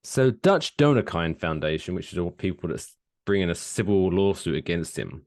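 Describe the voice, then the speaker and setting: Deep-voiced man telling stories animatedly. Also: normal speed. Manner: animated storytelling, swooping pitch, laughs while talking. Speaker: podcast co-host. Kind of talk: casual podcast chat.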